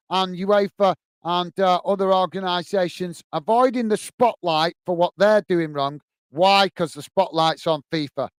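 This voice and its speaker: Hosting a live football watch-along stream, a man with a high, clear and resonant voice rants passionately between bits of match commentary. He chats with viewers and calls them mate. There is no room sound.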